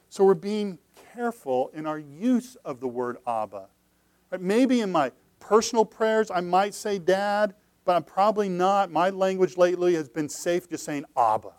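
Earnest preaching man, fairly high voice. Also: dry recording. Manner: swings between hushed, low passages and loud, emphatic cries; earnest, repeats phrases and restarts sentences. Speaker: pastor. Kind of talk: sermon.

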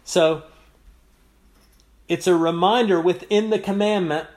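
A man preaching an expository sermon, teaching in a measured way with pauses and repeated phrases. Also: high voice, fairly even intonation, a little mellow.

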